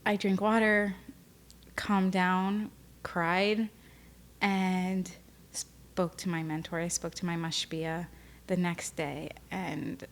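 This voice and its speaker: A woman's voice: lowish voice, little pitch movement, slow pace, pauses often. A young woman speaking candidly as a podcast guest, often emotional and tearful, with many fillers. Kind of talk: candid personal interview.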